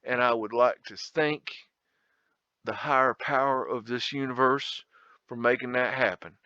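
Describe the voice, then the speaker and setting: A man's voice: medium pitch, unhurried, pushed and bright, clear, resonant tone, no echo, lo-fi sound. A man hosting a casual photo tour, rambling, blunt and profane, with a folksy drawl. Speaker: video host.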